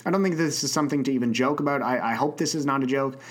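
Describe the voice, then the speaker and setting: A man's voice: medium pitch, very fast, hardly any pauses. Stammering young male podcast host. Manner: hesitant, stammering restarts. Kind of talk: casual advice podcast.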